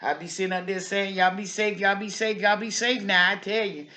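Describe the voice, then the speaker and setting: A woman's voice: medium pitch, fairly even intonation, brisk, sharp tone, close to an everyday voice. A woman playing a gossipy, nosy neighbor lady who watches the street from her window, in a folksy, chatty comic monologue full of repeated asides. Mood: preachy.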